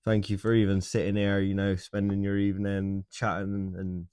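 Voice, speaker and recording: A man hosting a livestream, chatting casually with viewers in a hesitant, soft-spoken way and often repeating his words. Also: low-pitched, completely flat delivery, normal speed, clean tone, no room sound, clean studio sound. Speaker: livestream host. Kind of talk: casual chat with live viewers.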